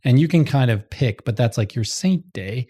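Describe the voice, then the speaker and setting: A man's voice: mid-range voice, lively intonation, normal speed, mellow. A man co-hosting a podcast in casual chat, explaining ideas in a rambling way with lots of fillers and frequent laughs. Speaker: podcast co-host.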